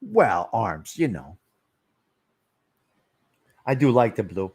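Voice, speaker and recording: A man's voice: fairly low pitch, huge pitch swings, slow, darkish tone, slightly rough. Rambling, teasing man. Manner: rambling and teasing, talks to viewers by name. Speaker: livestream host. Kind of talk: casual live-stream chat.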